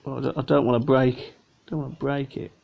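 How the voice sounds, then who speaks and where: A man's voice: mid-range voice, level tone, a little fast, gravelly. A man chatting casually through a model plane unboxing review, rambling and a little tired. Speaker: vlogger. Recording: dull lo-fi home recording.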